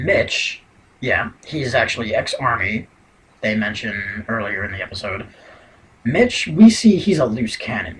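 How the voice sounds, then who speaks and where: A man's voice: mid-range voice, fairly bright tone, poor audio. A man giving a casual spoken recap of a TV episode, rambling and leaning heavily on "you know" fillers. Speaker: TV episode reviewer.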